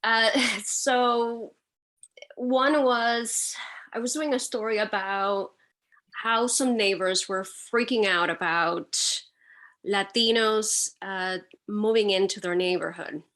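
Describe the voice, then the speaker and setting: A woman's voice: mid-range voice, slow. A woman with a Puerto Rican accent, a photojournalist telling stories on a panel and acting out what people said to her. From Puerto Rico. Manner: animated storytelling, acting out other people's remarks. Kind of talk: casual anecdote on a panel.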